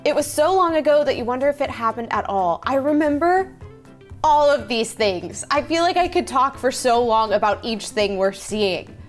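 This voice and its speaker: A woman's voice: high voice, animated, normal speed, soft background music. A young woman hosting a reaction video, chatting casually and reminiscing, easily amazed by what she sees.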